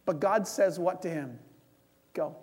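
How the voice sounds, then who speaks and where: High-voiced preacher in a reverberant hall. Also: male voice, a little slow, breathy edge. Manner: conversational, leads prayer, acts out dialogue. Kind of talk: sermon.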